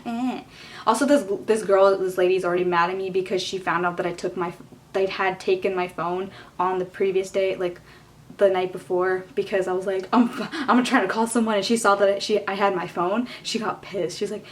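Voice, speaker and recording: A woman's voice: mid-range voice, steady tone, fairly quick. A young woman vlogger telling a storytime in a casual, exasperated way, filling her talk with "like" and "you know.". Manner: casual, exasperated, heavy use of "like". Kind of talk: storytime vlog.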